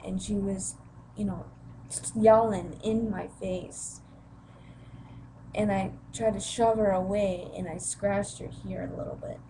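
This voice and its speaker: A woman's voice: medium pitch, steady tone, slow pace, long pauses, background noise. A young woman vlogging, retelling a family conflict with emotion and acting out the quoted voices. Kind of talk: personal storytelling vlog.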